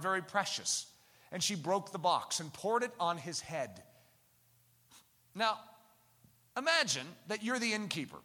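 A man preaching a sermon, telling stories with animated acting and reading scripture aloud. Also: a little high. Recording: long hall reverb.

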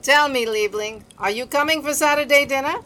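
A woman's voice: high-pitched, fairly quick, sharp tone. A woman playing a teasing, motherly German baker with a German accent. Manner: teasing, scolding. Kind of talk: audio drama acting.

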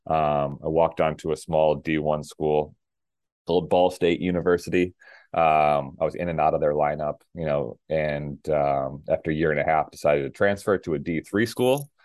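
A middle-aged man from Minnesota, a former pro tennis player, telling his story in a relaxed interview with lots of fillers and restarts. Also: rumbling low, moderate pace, no echo, studio quality. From Minnesota, USA. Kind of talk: casual interview talk.

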